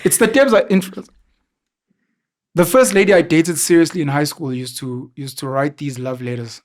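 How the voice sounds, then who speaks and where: A young man, a podcast guest, telling animated stories in casual chat and acting out the people in them. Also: a little high, normal speed. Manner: animated storyteller, acts out the people in his stories.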